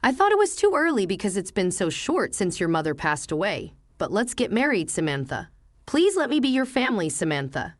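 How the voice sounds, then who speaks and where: A devoted young husband speaks softly and earnestly, his pitch rising and falling in a lively way, as a woman reads him out. The sound is close and dry. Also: fairly quick, no room sound. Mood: tender.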